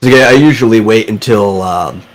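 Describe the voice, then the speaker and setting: A man in casual stream chat, talking in a steady, advice-giving way. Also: fairly low pitch, brisk, poor audio.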